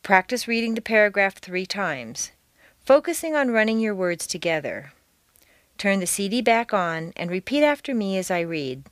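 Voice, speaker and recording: A woman's voice: medium pitch, animated, moderate pace, no room sound, studio quality. A woman reading a scripted training audio lesson, drawing words out and linking them in an exaggerated way. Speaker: accent training instructor.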